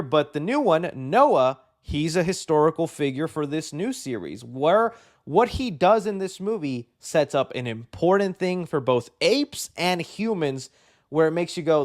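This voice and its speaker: Man hosting a movie talk, slightly high voice, eager, rambles with fillers and restarts. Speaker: film commentary host. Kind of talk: casual film chat.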